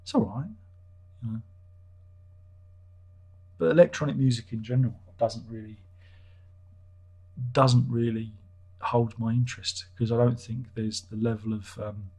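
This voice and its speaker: A man chats casually on his livestream, reading viewer comments and musing aloud. His voice is husky with a slightly breathy edge, and he rambles, cuts himself off and restarts his sentences with dry, wry asides. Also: medium pitch, fairly even intonation, measured pace, pauses often, darkish tone. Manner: rambling, self-interrupting, wry. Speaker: livestream host reading chat.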